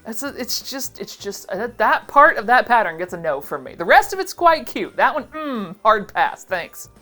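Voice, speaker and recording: A woman's voice: a little high, very animated, normal speed, bright, forceful tone, faint music behind. A young adult woman giving a casual, sarcastic reaction commentary as a vintage seller vlogger. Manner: playful, sarcastic asides.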